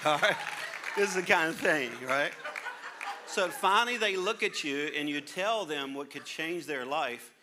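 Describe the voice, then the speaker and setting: Against crowd noise and a noisy background, a middle-aged male pastor preaches a little slowly, his pitch fairly high. He reads scripture and acts out funny little scenes with his kids, staying animated and humorous.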